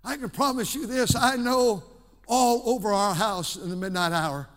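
A man preaching a sermon as pastor in a church, impassioned, swinging between hushed and shouting. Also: high voice, moderate pace, in a large hall. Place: church sanctuary.

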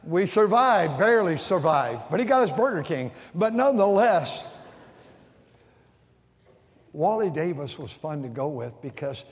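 A man preaches with a high, sing-song voice at a measured pace, pausing often as he tells stories and dramatizes what people said. Restarts and repeated words are common, and the church sanctuary adds a long, echoing reverb.

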